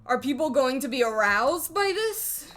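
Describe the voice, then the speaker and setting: Slow-talking joking woman streamer. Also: high-pitched, animated, a bit bright. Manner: joking, crude, self-interrupting. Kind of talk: casual game commentary.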